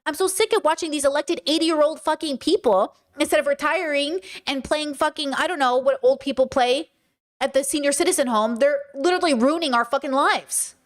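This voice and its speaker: High-voiced, fiery livestream host ranting. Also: a little fast. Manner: emphatic, profane, lecturing; reads and answers chat comments. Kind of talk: impassioned livestream monologue.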